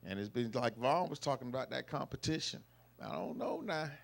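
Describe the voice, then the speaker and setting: A middle-aged man giving an emotional, storytelling tribute to his father at a family celebration, with loud folksy bursts. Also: mid-range voice, animated, brisk, gravelly. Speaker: eldest son giving a birthday tribute. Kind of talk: heartfelt family speech. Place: live family celebration event.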